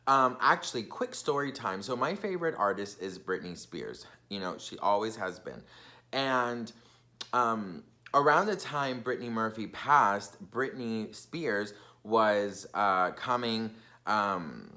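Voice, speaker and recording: A young man telling a casual storytime on his vlog. He talks in a chatty, gossipy way, full of fillers. His voice has a bright, forceful edge. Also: fairly low pitch, expressive, takes it slowly. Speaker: vlogger.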